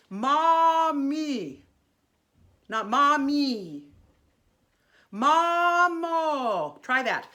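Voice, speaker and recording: A woman teaching a singing lesson, demonstrating vowels in a lively, encouraging way, sometimes half-singing them. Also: medium pitch.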